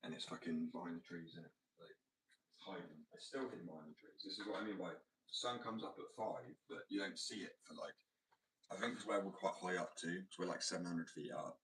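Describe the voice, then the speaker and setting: A man's voice: low voice, a little fast, fairly bright tone, a little hiss or hum, poor audio. A young man from Wales chatting casually on a livestream, rambling and swearing freely as he talks about his artwork. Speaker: streamer and artist.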